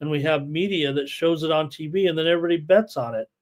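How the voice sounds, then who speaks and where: A man hosting a live sports betting show, excitable and full of "uh" fillers, reading viewer chat aloud. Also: a little high, fast talker.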